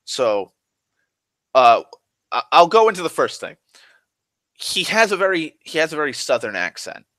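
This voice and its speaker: A young man rambling through a casual vlog monologue, restless and full of restarts, swearing freely and swinging between loud and soft. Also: a little high, very animated, moderate pace, long pauses, no echo. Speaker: vlogger.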